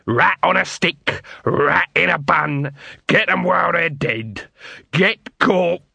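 A man voicing a pushy street vendor shouting his wares. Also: fairly high pitch, slow, gravelly, breathy edge, no echo, voice pushed up, exaggerated voice. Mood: indignant hawking. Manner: loud wheedling sales patter. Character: pushy male street food hawker.

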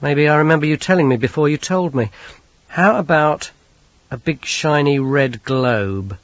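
A man's voice: fairly high pitch, moderate pace, no room sound, muffled recording, voice pushed up, lightly acted. A man voicing a stern, weary young woman in an audiobook, clipped and wry. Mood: uneasy. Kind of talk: audiobook character voice.

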